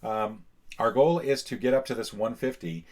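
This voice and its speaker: A man hosting a casual solo board game playthrough, explaining in a relaxed way with many filler sounds. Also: medium pitch, moderate pace. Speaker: board game channel host.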